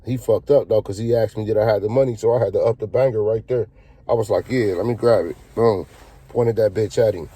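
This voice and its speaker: Very dark-voiced man telling a story. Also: fairly low pitch, fairly even intonation, brisk, slightly rough, no room sound. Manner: slangy, profane, laid-back storytelling. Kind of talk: casual storytime monologue.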